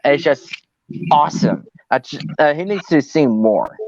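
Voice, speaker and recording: Young man, co-host, casual podcast chat, hesitant, lots of ums, slightly high voice, dull lo-fi recording. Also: lively intonation, a little slow, darkish tone. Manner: hesitant, many ums and restarts.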